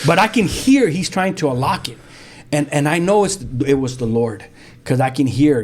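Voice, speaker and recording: Animated Los man telling a story. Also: fairly high pitch, moderate pace. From South Central Los Angeles. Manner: vivid, acts out sound effects and quotes; frequent restarts, street slang. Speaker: pastor telling his story as a guest.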